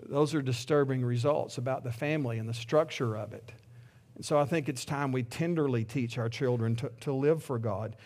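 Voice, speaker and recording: A man's voice: mid-range voice, moderate pace, darkish tone. A middle-aged man preaching a sermon as pastor, earnest and heartfelt, often restarting his sentences.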